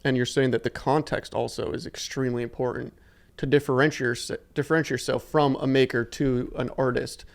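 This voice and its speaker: Gravelly, chatty male podcast host. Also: mid-range voice, fairly even intonation, a little fast. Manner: enthusiastic, rambling, chatty. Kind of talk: casual interview.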